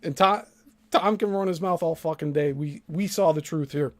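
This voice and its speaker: A man putting on a high, sing-song mocking voice to play a smug man who brags about his own lies. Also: normal speed, natural voice. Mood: gloating.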